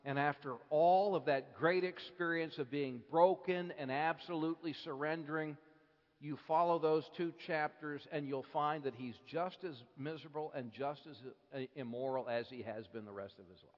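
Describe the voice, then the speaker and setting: A man preaching a sermon, moving between hushed lines and impassioned outbursts with slow, deliberate phrasing. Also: fairly high pitch. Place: church hall. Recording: dull lo-fi recording with long hall reverb.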